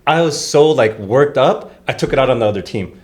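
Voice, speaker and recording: A man's voice: mid-range voice, animated, a little fast. A young man on a casual podcast, telling a story with lots of laughter, repeated words and acted-out quotes. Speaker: podcast host.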